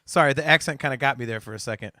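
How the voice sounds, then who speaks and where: A man hosting a casual podcast chat, animated and teasing, often laughing. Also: mid-range voice, racing, dry recording, studio quality. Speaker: podcast host.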